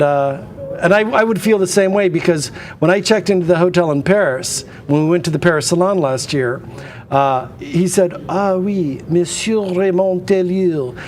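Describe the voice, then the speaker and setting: Male auction host, slightly high voice, anecdotal rambling studio patter.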